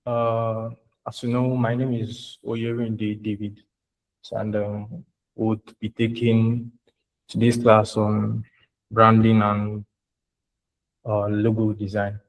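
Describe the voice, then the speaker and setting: A man teaching an online class on branding, halting and repeating himself. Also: on the low side, completely flat delivery, rough recording. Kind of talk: online lecture.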